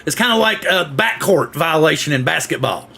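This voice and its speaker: A male host chatting loosely through a livestream, greeting viewers one by one and wandering off topic. His voice sits a bit high, with a bright, tense edge. There is a gravelly rasp under it. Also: expressive, normal speed. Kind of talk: casual livestream chat.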